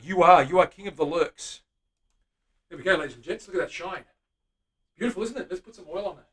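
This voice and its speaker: A chatty man with a high-pitched voice hosts a live stream from his guitar workshop. He greets viewers by name and hums while he works. His voice sits back from the microphone. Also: recorded from a distance. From Australia. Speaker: luthier host. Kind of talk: casual live-stream chat while working.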